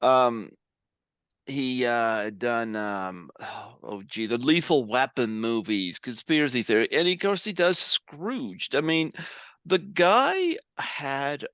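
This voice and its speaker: A man hosts a podcast interview, chatting casually. His voice is smooth and resonant, recorded dry and a little muffled. He rambles like an eager fan, full of ums and uhs. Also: medium pitch, lively intonation, takes it slowly, fairly bright tone, dry recording. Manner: rambling, fan-like, many fillers. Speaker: podcast host.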